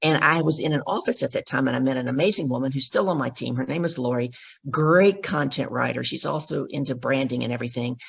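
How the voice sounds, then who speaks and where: A middle-aged woman, a guest on a podcast, telling an animated story and acting out the dialogue in it. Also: extremely low pitch, fast talker, vocal fry, slightly rough. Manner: acts out the dialogue in her stories. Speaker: podcast guest, professional speaker.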